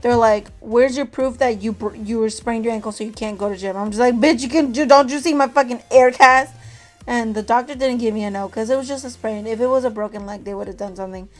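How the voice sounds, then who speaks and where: A young woman vlogger telling a story in a casual, animated, profane way, acting out the people she quotes. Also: on the high side, fast, hardly any pauses, faint music behind.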